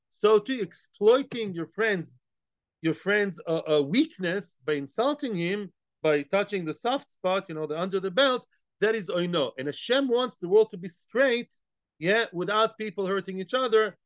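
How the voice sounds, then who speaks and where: A man's voice: high-pitched, fairly bright tone, no echo. A man teaching a daily Talmud class, explaining Aramaic phrases in English with Hebrew and Yiddish terms mixed in, asking and answering his own questions. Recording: dull, lo-fi and dry.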